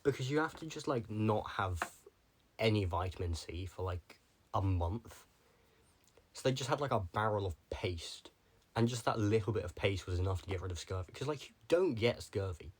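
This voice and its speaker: A man's voice: on the low side, lively intonation, normal speed, breathy edge. A young man talking casually to the camera, rambling from one tangent to the next with lots of filler words. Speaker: vlogger.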